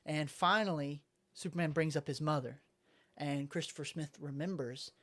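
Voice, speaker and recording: A young man with a slightly high voice chats casually about comics from a room at home. He rambles and acts out the characters' lines as he goes. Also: moderate pace, a bit bright. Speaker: podcast co-host. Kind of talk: casual chat, recapping comics.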